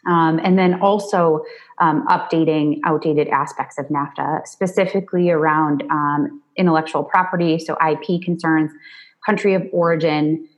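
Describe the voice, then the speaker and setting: A woman compliance attorney answering interview questions in a measured way, pausing often with "um". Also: deep voice, fairly even intonation, highs cut off. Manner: measured, many "um" pauses.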